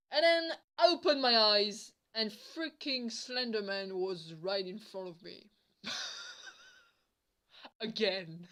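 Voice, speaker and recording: A woman's voice: mid-range voice, animated, measured pace, bright, forceful tone. A woman vlogger telling a casual storytime, rambling with many fillers and some swearing.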